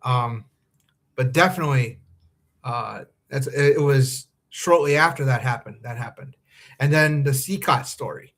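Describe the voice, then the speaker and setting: Man, podcast host, live stream, worried, earnest, halting with ums and restarts, mid-pitched voice. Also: fairly bright tone. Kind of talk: live-streamed commentary monologue.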